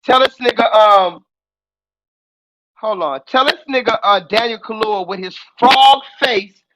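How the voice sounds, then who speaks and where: A young adult man hosting a live call-in stream, ranting loudly and profanely at the chat and mocking his target. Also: high-pitched, unhurried, rough recording. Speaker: livestream host.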